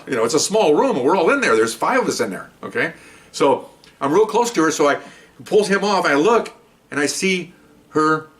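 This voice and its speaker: A man's voice: medium pitch, fairly bright tone. An older man, a former police detective, casually telling a rambling story and acting out the other people's lines.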